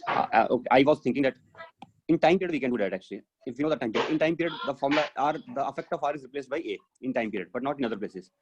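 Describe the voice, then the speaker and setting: Fast-talking teacher. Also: male voice, medium pitch, lively intonation, dull audio, noisy background. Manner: explanatory, thinks aloud with many fillers. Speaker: physics teacher. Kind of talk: live online class lecture. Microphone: video call.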